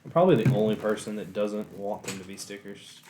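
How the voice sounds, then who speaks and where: Low-voiced teasing man, noisy room. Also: fairly quick. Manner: teasing, dry ribbing. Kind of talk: casual chat while building a brick set. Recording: noisy background.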